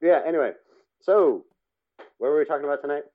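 A man co-hosting a casual film podcast, relaxed and jokey. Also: a little high, fast. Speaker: podcast co-host. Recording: tinny phone-like line.

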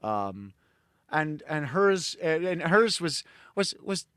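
Higher-voiced man telling rambling stories. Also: slow pace, clear, resonant tone, no echo, studio quality. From Connecticut, USA. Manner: animated, rambling storyteller. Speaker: guest. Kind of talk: casual podcast conversation.

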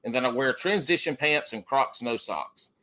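A man's voice: medium pitch, animated, normal speed, pushed and bright. A man, hosting a casual chat and telling rambling, profane stories full of restarts. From Southern US.

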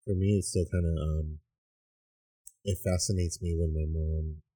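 A laid-back co-host talking casually, saying "dude" often and swearing offhandedly. The voice sits very low and sounds mellow and dark. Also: steady tone, a little slow. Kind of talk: casual chat.

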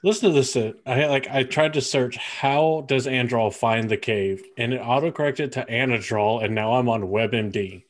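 Mid-pitched man telling joking asides. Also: moderate pace, few pauses. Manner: rambling joking asides with many fillers. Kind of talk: casual book-discussion chat.

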